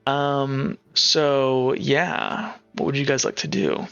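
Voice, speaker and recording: A man's voice: mid-range voice, slow, creaky, fairly bright tone, clean tone, muffled recording, faint music behind. A man running a tabletop game as game master, narrating casually with lots of filler words.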